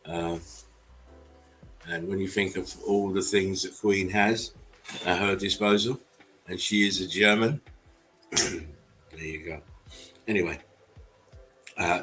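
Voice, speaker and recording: A man's voice: low voice, bright, forceful tone, low-quality recording. A man hosting a casual livestream, talking bluntly, swearing and chuckling often. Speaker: channel host.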